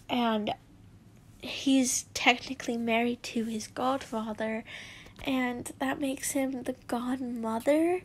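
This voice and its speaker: A woman reading fanfiction aloud, giggly and chatty, often stopping to comment. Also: a little high. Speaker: fanfiction reader.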